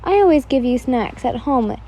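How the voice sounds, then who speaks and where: A woman's voice: high voice, expressive, moderate pace, mellow. A woman voicing a sweet, cheerful younger brother in a read-aloud fan fiction story.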